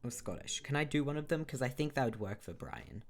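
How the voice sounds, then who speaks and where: A man's voice: medium pitch, expressive, brisk. A man from Australia doing casual, self-mocking commentary while playing through a game. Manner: casual, self-mocking asides about his accents.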